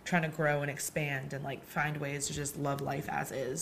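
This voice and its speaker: A woman hosts her own podcast alone, talking in a loose, rambling way packed with fillers. Her voice sits a little low, and her throat is sore. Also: fairly even intonation, measured pace, vocal fry, slight background noise. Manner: chatty, heavy use of "like" and "um". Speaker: podcast host. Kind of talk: casual solo podcast rant.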